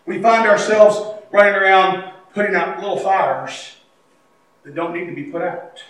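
A middle-aged man preaching a sermon as pastor, telling stories, acting out dialogue and swinging between loud and hushed. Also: high voice, measured pace. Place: church sanctuary. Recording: echoey church hall, mic at a distance, faint noise.

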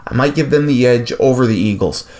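A man's voice: mid-range voice, a little fast, darkish tone. A man hosting a sports podcast, running through game picks with frequent fillers and restarts. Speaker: podcast host.

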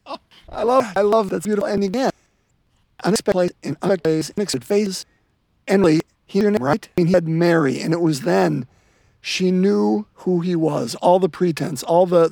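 A man's voice: fairly high pitch, creaky, darkish tone, dry recording. A man hosting a religious podcast, talking earnestly with many restarts and then leading a spoken prayer. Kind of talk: reflective religious chat and rosary prayer.

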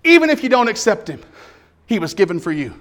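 A man's voice: high-pitched, big pitch swings, fast talker, fairly bright tone. A man preaching a sermon, emphatic, building his points with rhythmic repetition.

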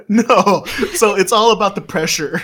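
A man's voice: sits high, measured pace, crowd noise. A man co-hosting a podcast, telling fun facts in a laid-back, casual way, often saying "dude". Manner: laid-back storyteller, says "dude" a lot. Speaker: podcast co-host. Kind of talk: casual chat.

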